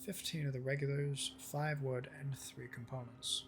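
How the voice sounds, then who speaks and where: A man's voice: mid-range voice, level tone, unhurried, a little hiss or hum. A man streaming a video game, chatting casually, thinking aloud and swearing freely as he plays. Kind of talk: casual gameplay commentary. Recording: game music playing behind.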